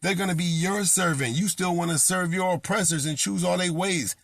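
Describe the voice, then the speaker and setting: Gravelly, scolding male preacher. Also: high voice, brisk, a bit bright, no echo, studio quality. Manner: scolding, confrontational, repetitive rebukes. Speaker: self-styled prophet preaching. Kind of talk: impassioned sermon.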